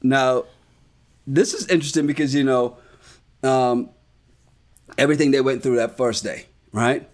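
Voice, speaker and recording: A man's voice: medium pitch, unhurried, long pauses. A man hosting a podcast and recapping a reality show in a casual chat, ranting and swearing. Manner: animated, ranting, profane. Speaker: podcast host.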